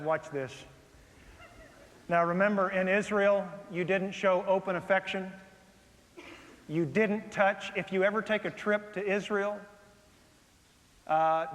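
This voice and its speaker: A man preaching a sermon, telling stories with big swings from loud outbursts to hushed asides. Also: sits high. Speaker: pastor. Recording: long hall reverb.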